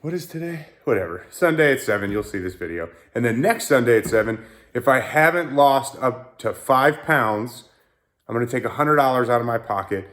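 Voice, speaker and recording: A man's voice: medium pitch, expressive, moderate pace, a bit bright. Young man, car-build vlogger, self-mocking jokes, rambling chatter, garage, phone recording. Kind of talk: casual garage vlog.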